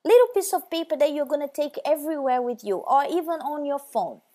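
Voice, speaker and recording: High-voiced woman giving a devotional talk. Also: animated, fairly quick, warm tone. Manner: direct and emphatic, addressing the listener. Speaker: devotional speaker.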